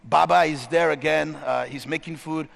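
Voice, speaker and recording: A man's voice: a little high, steady tone, moderate pace, gravelly, a bit bright. A man giving a conference keynote, telling a story and stressing points by repeating them. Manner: storytelling, emphatic repetition. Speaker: keynote speaker. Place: conference stage in a large hall. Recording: hall reverb.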